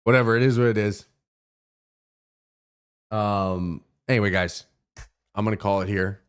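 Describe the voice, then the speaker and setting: A man's voice: on the low side, fairly even intonation, a little slow, clean tone. A young man from Canada, hosting his own stream, talking in a casual, rambling way with lots of cursing, fillers and restarts. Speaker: streamer host. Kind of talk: casual rant to stream viewers.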